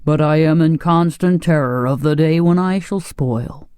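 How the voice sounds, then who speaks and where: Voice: mid-range voice, measured pace, darkish tone, smooth, no room sound, studio quality, close to an everyday voice. A reader voicing a humble, anxious male figure with a pumpkin for a head. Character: humble, fretful male pumpkin-headed man.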